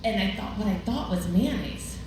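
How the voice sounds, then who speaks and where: A woman's voice: mid-range voice, lively intonation, moderate pace. A middle-aged woman giving a chatty devotional talk at a women's retreat, telling stories with a laugh. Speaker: retreat speaker. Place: large room at a ladies' retreat. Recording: very echoey, distant, noisy room recording.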